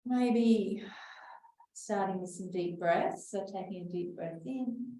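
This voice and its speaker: A woman teaching a back-care class, calmly cueing slow breaths and sometimes dropping to a whisper. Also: medium pitch. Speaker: exercise class instructor. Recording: echoey room, voice from far off the mic.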